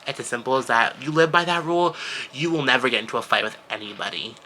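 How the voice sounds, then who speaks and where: Bright, animated teenage guy vlogging. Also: fast talker, slight background noise, poor audio. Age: teens. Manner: animated, exasperated storytelling with big pitch jumps. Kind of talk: casual chat to camera.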